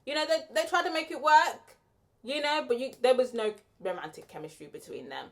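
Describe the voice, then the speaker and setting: A woman's voice: high-pitched, lively intonation, brisk. Chatty young woman reviewing a film. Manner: chatty and opinionated, with frequent "like" and "um". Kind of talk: casual spoken review.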